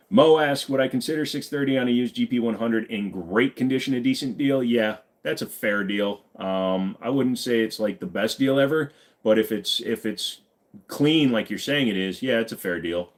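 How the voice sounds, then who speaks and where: A man hosting a casual live stream, reading viewer comments aloud and answering in a relaxed, rambling way full of fillers. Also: medium pitch, moderate pace. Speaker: livestream host. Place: back of a van.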